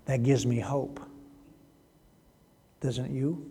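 A man's voice: medium pitch, level tone, takes it slowly, dark tone, big-room sound, a little hiss or hum. A man teaching through a Bible passage in a conversational way, often asking listeners rhetorical questions.

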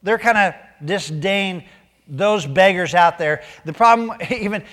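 A man preaching a sermon, reading scripture aloud and growing loud and emphatic as he drives points home. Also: sits high, measured pace, in a large hall. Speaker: pastor.

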